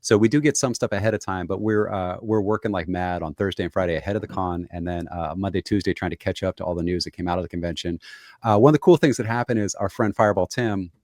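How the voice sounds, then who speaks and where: A man's voice: deep voice, fast, darkish tone, no room sound, studio quality. A man co-hosting a podcast, explaining things at length in casual chat over a video call. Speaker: podcast co-host, comics editor.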